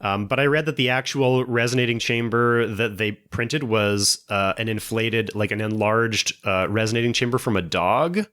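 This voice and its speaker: A man's voice: on the low side, moderate pace, hardly any pauses, a bit bright. A man chatting on a podcast panel, explaining things in a loose, filler-heavy way. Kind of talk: casual chat.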